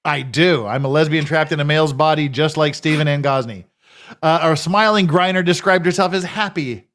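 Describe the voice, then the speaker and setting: A man's voice: a little high, normal speed, a bit bright. A man hosting a commentary show, ranting in a profane, sarcastic, scornful way. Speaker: host.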